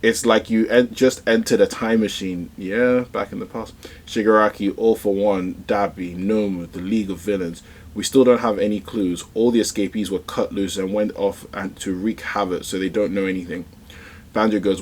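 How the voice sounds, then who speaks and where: A man giving casual, excitable reaction commentary on a manga chapter, rambling with slang and fillers. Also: deep voice, moderate pace.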